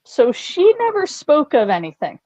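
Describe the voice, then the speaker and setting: A woman telling stories as a guest in a casual podcast chat, animated and full of "like". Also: high-pitched, normal speed, dry recording, lo-fi sound.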